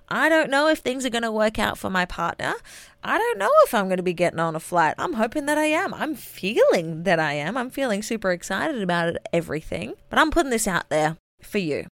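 A woman's voice: on the high side, a bit bright, no room sound. A woman, hosting her solo podcast in a bubbly, chatty way and reading out a journal entry. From Australia. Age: late 20s. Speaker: podcast host.

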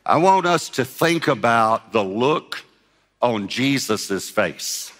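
A male pastor delivering a sermon with a bright, forceful voice. He tells the story in an animated way, acting out the voices and laughing along. His words ring out with a long hall reverb behind them. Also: mid-range voice, slow.

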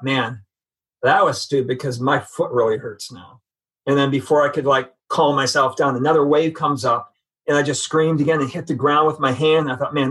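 A middle-aged man with a husky, slightly breathy voice shares a personal faith testimony. He speaks earnestly and conversationally at a medium pitch. He often halts and repeats words as he searches for the right phrase. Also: fairly bright tone. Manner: earnest, halting with frequent restarts. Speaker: guest sharing testimony.

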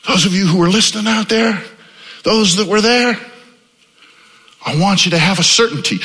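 A pastor in his fifties delivering a sermon in a fairly high, bright voice. He moves between loud exclamations and low, quiet passages. The sound carries a long reverb from a large church hall. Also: normal speed, long pauses. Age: 50s.

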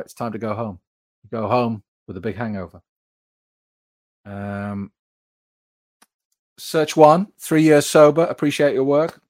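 A British man with a medium-pitched, darkish voice hosts a live stream, reading viewer comments aloud and chatting frankly in a conversational style packed with fillers.

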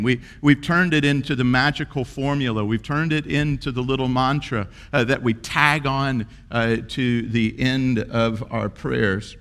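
A middle-aged man preaches to his church, his voice sitting at an ordinary middle pitch. He tells stories earnestly and leans hard into his key lines. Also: fairly even intonation, a little slow, hardly any pauses, a bit bright. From South Carolina, USA. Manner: earnest, storytelling, rising to emphatic peaks. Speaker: pastor. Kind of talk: sermon.

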